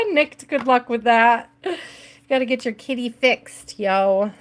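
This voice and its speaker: A woman's voice: fairly high pitch, slow. A woman hosting a live tarot stream, chatting casually with viewers, laughing often and greeting them by name.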